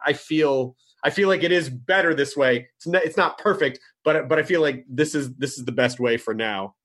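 A man's voice: mid-range voice, a bit bright. A man in casual conversation, talking in a rambling, hesitant way with many restarts.

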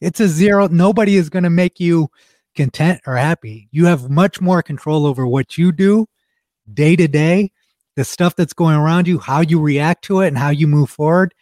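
A man co-hosting a casual podcast chat, his voice sitting fairly high but mellow and dark in tone. He talks bluntly and with emphasis, cursing now and then. The sound is dry and close. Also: normal speed, no echo. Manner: blunt, emphatic, swears freely. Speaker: podcast co-host.

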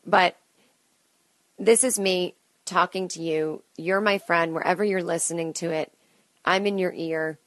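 Recording alone at home on a close studio mic, this late-thirties comedian hosts a solo podcast that wanders stream-of-consciousness style, self-mocking and sprinkled with asides. She speaks on the low side in an unhurried, fairly even way, pausing often, with a slightly bright tone and no echo.

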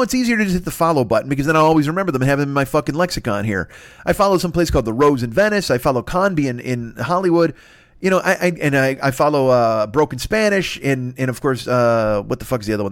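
A man's voice: mid-range voice, expressive, quick pace, dry recording, clean studio sound. A man delivering a profane, exasperated comic rant and slipping into mock voices. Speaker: comedian. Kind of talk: improvised comedic rant.

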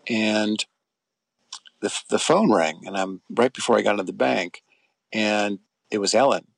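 A middle-aged man with a gravelly, fairly low voice, recorded close and dry. He tells his story in a loose, meandering interview style, circling back and restarting his sentences as he goes. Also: unhurried, dry recording. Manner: rambling, with frequent restarts and fillers. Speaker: interview guest. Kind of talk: conversational storytelling.

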